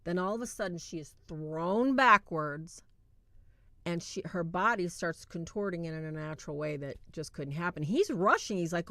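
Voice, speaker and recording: A woman hosting a livestream, retelling a film in a casual, animated way and acting out quoted lines. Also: on the low side, normal speed, no echo. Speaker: livestream host reviewing a film.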